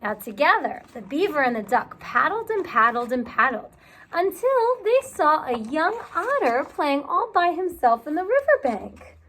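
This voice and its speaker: A teacher reading a picture book aloud to young children in an expressive, warm manner. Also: female voice, high-pitched, unhurried. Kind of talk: children's story read-aloud.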